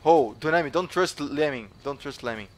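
A Brazilian man commentating gameplay for his viewers, excitable and jokey, swearing often and switching into Brazilian-accented English. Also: a little high, fairly quick. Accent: Brazilian Portuguese. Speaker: gaming YouTuber.

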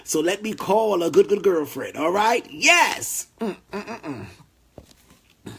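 A man talking to his fans in a casual, heartfelt vlog, animated, profane and emotional, drawing out his thanks slowly. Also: gravelly, breathy edge. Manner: drawls slow heartfelt thanks, then bursts high and loud. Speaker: vlogger addressing fans.

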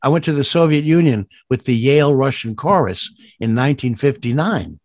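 A man's voice: animated, brisk, a little mellow, no room sound, studio quality. Older man telling rambling stories. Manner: rambling storyteller, many restarts and sudden high jumps. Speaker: guest voice actor. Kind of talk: casual interview chat.

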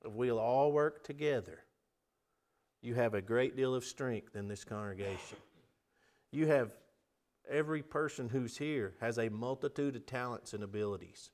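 A middle-aged man preaching a sermon, earnest, building to emphatic appeals and dropping to soft pleas. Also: medium pitch, normal speed.

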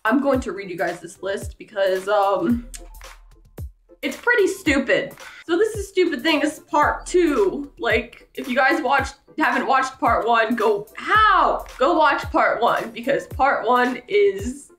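A woman's voice: a little high, animated, measured pace, fairly bright tone, soft background music. A teenage girl vlogger telling funny school stories, giggling and chatty with lots of "like". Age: teens. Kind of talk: casual storytelling vlog.

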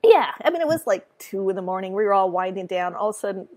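A woman guest author with a sing-song way of talking, telling a story in an animated, chatty way. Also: mid-range voice, fast talker. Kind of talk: casual chat.

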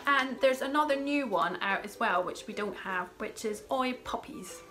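A woman's voice: fairly high pitch, moderate pace, rough recording. Chatty woman recommending rhyming books. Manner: chatty, animated, reads rhymes aloud with playful emphasis. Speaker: children's book blogger. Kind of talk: casual book recommendations with read-aloud. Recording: music playing over the voice.

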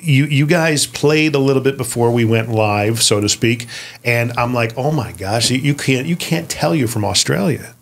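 A man hosting a podcast interview, chatty and enthusiastic, dropping quick interjections. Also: medium pitch, lively intonation, creaky. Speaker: podcast host. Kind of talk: casual interview chat.

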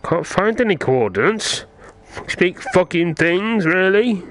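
A man, playing a VR game and muttering frustrated, swear-filled commentary that breaks into yelling. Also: high voice, animated, slow. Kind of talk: let's play commentary.

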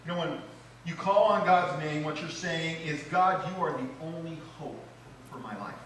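At a moderate pace, a male pastor delivers an animated sermon, swelling loudly on repeated lines and sinking low to hammer points home. His bright, somewhat sharp voice is picked up from afar in a big, reverberant church sanctuary, with a little hiss or hum.

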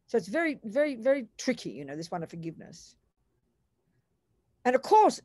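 Blunt, animated older Australian woman teaching. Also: fairly high pitch, no room sound, clean studio sound. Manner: animated, emphatic, blunt and colloquial. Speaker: Buddhist nun teacher. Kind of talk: dharma talk to a class.

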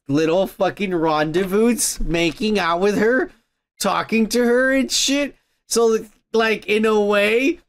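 On his laid-back podcast, a male host with a high voice excitedly recaps an episode of a cartoon in a meandering way. Profanity is nonstop, and filler words keep stacking up.

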